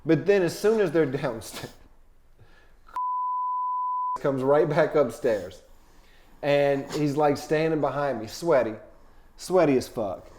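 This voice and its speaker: Animated profane male comedian storyteller. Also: measured pace, background noise. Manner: animated, profane, swings between low asides and loud outbursts. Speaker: touring comedian guest.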